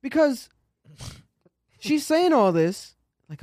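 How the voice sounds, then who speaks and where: Dude reacting to a clip, rambly, cussing, kinda high voice, dry sound. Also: male voice, lively intonation, normal speed, a little mellow, dry recording. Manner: rambling, swearing, many restarts. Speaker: reaction streamer. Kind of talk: casual reaction chat.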